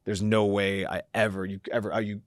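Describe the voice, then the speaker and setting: In this reflective conversational interview, a founder of a company is the podcast guest. His voice is lowish and level, his delivery fairly quick, and the studio recording is clean with no room sound. He reflects at length, leans on many fillers, and voices his own quoted thoughts.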